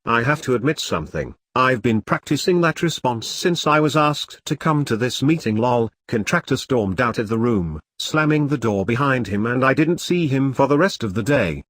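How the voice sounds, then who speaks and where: A man's voice: mid-range voice, expressive, moderate pace, hardly any pauses, fairly bright tone, no room sound. Male story narrator, scripted first-person read, middle voice, dead-dry booth sound. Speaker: narrator of online stories.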